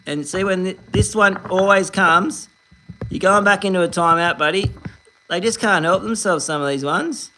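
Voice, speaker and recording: A man's voice: high-pitched, normal speed, bright, forceful tone, a little hiss or hum. An Australian man in his forties, hosting a fishing livestream, chatting upbeat and rambling while reading viewers' comments and greeting them by name. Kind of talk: casual live-stream chat reading comments.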